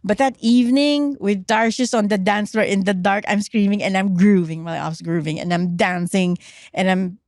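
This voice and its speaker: Middle-aged woman, Filipino accent, podcast guest, animated and code-switching, dry close mic. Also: mid-range voice, normal speed, no echo. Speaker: podcast guest, trauma researcher. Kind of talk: casual podcast chat.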